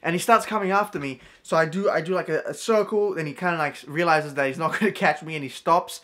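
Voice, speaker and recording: A young man with a fairly high voice tells a storytime vlog to a camera indoors. He rambles, trips over his words and stacks up fillers as he goes. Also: quick pace, sharp tone. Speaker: vlogger.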